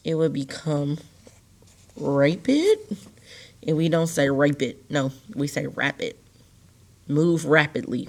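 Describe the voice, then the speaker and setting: A young woman teaches a recorded lesson to children in a patient, sing-song manner, repeating her key points. Her voice sits on the lower side for a woman. It sounds like it was picked up by a laptop microphone. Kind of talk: recorded video lesson on syllables.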